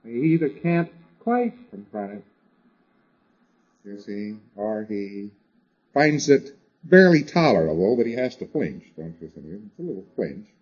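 A man lectures a class in a husky, mellow voice whose pitch swoops up and down with emphasis. He talks conversationally and hammers points home by repeating words and tossing in "you see" asides. The sound is a dull, lo-fi tape recording. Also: very animated, unhurried.

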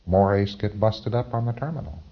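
Low-voiced man lecturing on dull tape. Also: normal speed. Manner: wry, conversational, with chuckles and mock dialogue. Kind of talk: recorded training lecture.

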